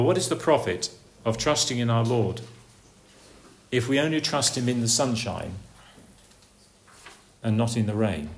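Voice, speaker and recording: A man preaches a sermon, asking rhetorical questions as his delivery swings between emphatic peaks and low, quiet lines.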